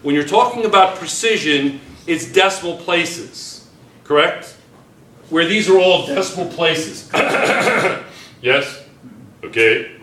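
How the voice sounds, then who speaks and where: A man teaching a chemistry class, lecturing with lots of quick checks on whether students follow. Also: a little high, echoey room. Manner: lively, keeps checking students with "yes or no?".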